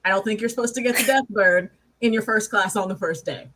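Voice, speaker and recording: A woman's voice: mid-range voice, brisk, fairly bright tone. A woman playing in a tabletop role-playing game, anxious and wry, casually swearing.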